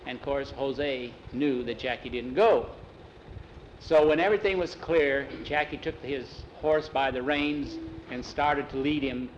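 A man telling a story aloud in a plain, unhurried way. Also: medium pitch, highs cut off, a little hiss or hum. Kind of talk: oral storytelling.

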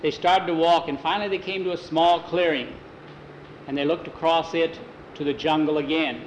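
A man with a slightly higher voice spinning an adventure tale in an easy, homespun way, stopping now and then to fix a word. It sounds like a home tape: roomy, dull and lo-fi, with a faint hiss. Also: moderate pace. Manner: relaxed, homespun, self-correcting. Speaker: storyteller. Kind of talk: improvised adventure story read aloud.

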